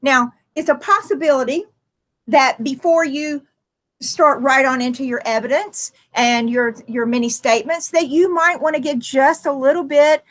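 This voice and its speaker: A high-pitched woman talks through a writing lesson as a teacher. She thinks aloud with plenty of ums, corrects herself, and slows down on the words she wants to stress. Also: steady tone, a bit bright.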